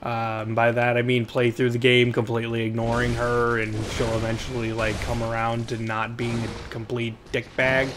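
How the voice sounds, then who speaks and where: A man giving rambling gameplay commentary at home, chatty and quick to yelp when the game gets tense. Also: medium pitch, completely flat delivery, noisy background. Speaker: let's play host.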